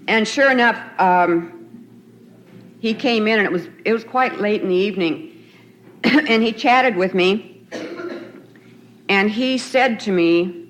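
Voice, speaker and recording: Captured on faint, noisy 1990s tape, this retreat talk features a middle-aged woman relating her recovery. Her medium-pitched voice is fairly bright, and her telling is casual and full of laughter.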